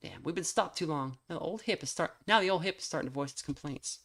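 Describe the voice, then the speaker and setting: A woman putting on a gruff old mountain man. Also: sits low, expressive, fast, a bit bright, full character voice. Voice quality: folksy rural drawl.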